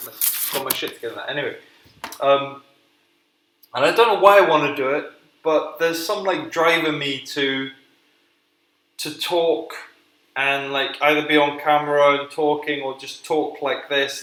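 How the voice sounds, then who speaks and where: A man's voice: fairly high pitch, fairly bright tone, echoey room, rough recording. A man rambling and swearing through a casual solo podcast while cooking at home, self-deprecating and unpolished. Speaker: podcast host.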